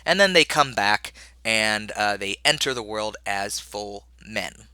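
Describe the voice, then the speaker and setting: Middle-aged male instructor with a low but very bright voice, recorded dry and close. Rambling lecture delivery with fillers and restarts, a little under the weather. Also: expressive, measured pace, clean tone, no room sound. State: slightly ill, coughing. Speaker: college instructor.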